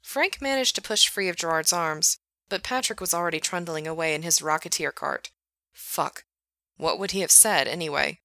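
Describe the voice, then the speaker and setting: A woman narrating a fiction audiobook in a steady, matter-of-fact reading. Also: on the low side, normal speed, vocal fry, dry recording. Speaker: reader.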